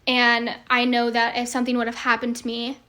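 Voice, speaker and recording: A young woman pours out a heartfelt monologue to her followers, earnest and rambling, full of fillers. Her voice sits fairly high but stays flat, with little rise and fall. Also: brisk. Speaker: social media creator.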